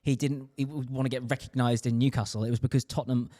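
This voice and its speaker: A man co-hosting a football podcast, arguing his point quickly in casual chat. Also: mid-range voice, fairly even intonation, dark tone. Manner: quick, argumentative. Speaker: podcast co-host.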